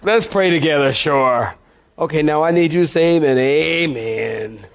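A male pastor giving a lively sermon, with big swings in volume and pace. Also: a little high, unhurried, gravelly. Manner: animated preaching with shifts in volume and pace.

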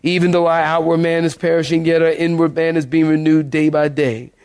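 A male pastor giving a lively sermon, with big swings in volume and pace. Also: a little high, brisk, smooth. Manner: animated preaching with shifts in volume and pace.

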